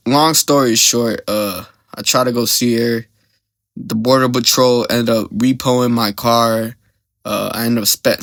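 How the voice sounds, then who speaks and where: A man's voice: medium pitch, a bit bright, no room sound. A young man hosting a podcast, telling a story in a rambling, slang-heavy way and often getting sidetracked. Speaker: podcast host.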